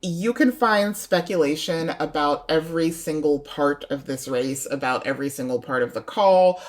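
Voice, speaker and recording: A woman with a notably low-pitched voice talks as a podcast guest. She lays out her opinions casually, speculating freely and chuckling along the way. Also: normal speed. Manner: opinionated, speculative, laughs while telling. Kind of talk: casual chat.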